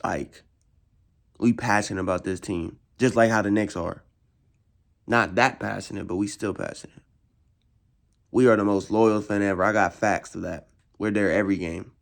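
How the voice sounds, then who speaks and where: A young man, a frustrated football fan, ranting in casual slang, repeating himself and swinging his voice high in exasperation. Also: steady tone, normal speed, gravelly, pauses often. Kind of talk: casual rant.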